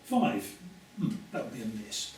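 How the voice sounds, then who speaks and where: A man's voice: mid-range voice, very animated, normal speed. Man reading out game rules in an echoey room. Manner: matter-of-fact, reads out spell rules. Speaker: player. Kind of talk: casual table chat. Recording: echoey room, far from the mic, noisy.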